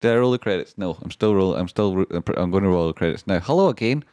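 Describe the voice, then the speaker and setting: A man hosting a live stream in a rambling, excitable way, swearing now and then and swinging between grumbling and hype. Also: deep voice, fast, clear, resonant tone, no echo, studio quality. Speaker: stand-in livestream host. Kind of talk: casual live-stream chat.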